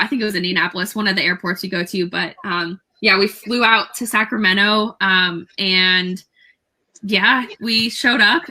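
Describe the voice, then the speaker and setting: Young woman, guest, chatty storytelling, full of fillers, crisp bright tone. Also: mid-range voice, poor audio. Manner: animated, many fillers and quoted dialogue. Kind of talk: casual storytelling interview.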